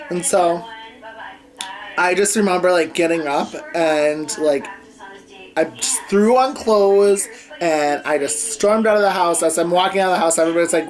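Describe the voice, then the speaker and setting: A man's voice: a little high, normal speed, rough recording. Rambling young man telling a personal story. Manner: rambling, many fillers and "like"s. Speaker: vlogger. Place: home bedroom with a TV on.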